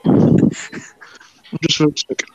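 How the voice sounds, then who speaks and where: A man's voice: takes it slowly, mellow, no echo. A man on a casual group podcast, mumbling because mouth sores keep him from opening his mouth. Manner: muffled, mumbled speech. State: talking with barely open mouth from mouth sores.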